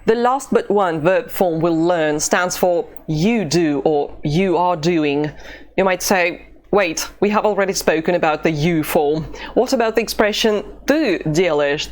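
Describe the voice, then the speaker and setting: A woman teaching an online language lesson, pronouncing drill phrases slowly and deliberately. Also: fairly low pitch. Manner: slow, deliberate drill pronunciation.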